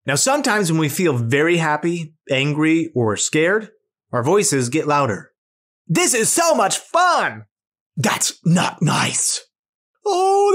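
A teacher narrates a children's lesson, speaking slowly and clearly. The voice swoops up and down with bouncy, animated intonation. The tone is encouraging and is pitched to keep young kids listening.

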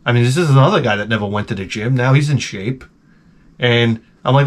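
A man's voice: mid-range voice, fast talker. Profane, sarcastic New man rambling. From Long Island, New York. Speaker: vlogger. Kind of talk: casual rambling monologue.

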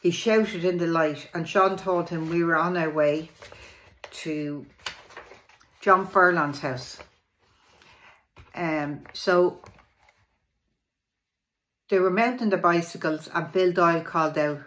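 A woman reads a local history memoir aloud. Her voice sits a little low, and her reading is plain and steady. Now and then she stumbles and restarts a word. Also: takes it slowly, pauses often.

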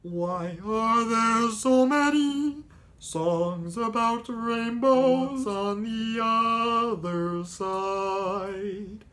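A young man voicing an earnest, gentle male puppet frog, singing slowly and wistfully in a raised nasal voice. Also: very high-pitched, faint music behind, voice pushed up, full character voice.

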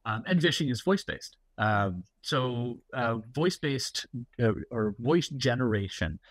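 A man's voice: mid-range voice, lively intonation, unhurried, no echo. A middle-aged man, a guest security executive, talking casually and explaining at length with many fillers and anecdotes. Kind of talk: casual interview talk.

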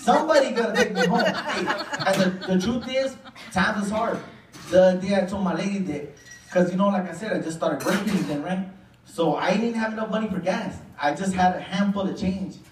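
A man's voice: high voice, brisk, background noise. A man with a Chicano English accent doing a profane, rambling, self-deprecating stand-up set on a club stage. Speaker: stand-up comedian. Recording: roomy club sound, mic far off, crowd laughing. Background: audience laughter.

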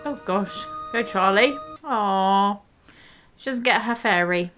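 A woman's voice: medium pitch, slow pace, fairly bright tone, soft background music. A woman hosting a reaction video, chatting casually, full of exclamations and frequent laughter.

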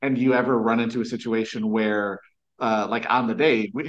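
Male host, mid pitch, halting questions, muffled lo-fi recording. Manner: halting, many fillers and restarts. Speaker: interviewer, host. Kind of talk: interview questions.

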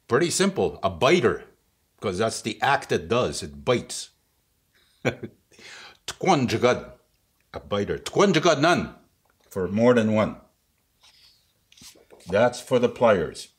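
Slow, husky-voiced man teaching words. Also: lowish voice. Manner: patient, chuckles often, checks in with "okay?". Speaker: language teacher. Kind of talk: casual vocabulary lesson.

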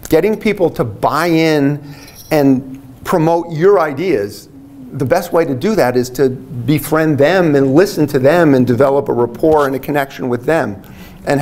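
A man in his sixties, a biology instructor, giving a relaxed retirement lecture full of anecdotes, with lots of "like" fillers and restarts. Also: medium pitch.

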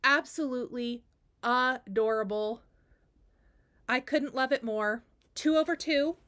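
In a casual show-and-tell, the woman presenting her cross stitch takes it slowly, her fairly high voice carrying a fairly bright tone. She has the hiccups and enthuses over her finished pieces, repeating words to stress them.

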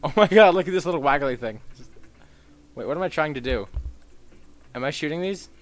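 A man giving gameplay commentary, swearing freely and swinging into mock-outraged rants and sudden shouts. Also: a little high, lively intonation, fairly quick, slight background noise.

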